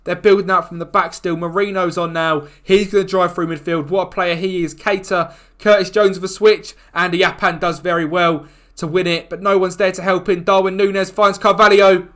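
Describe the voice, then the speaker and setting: A man commentating on his own football management game, excitable and quick to groan and shout at the action. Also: high voice. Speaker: gaming YouTuber.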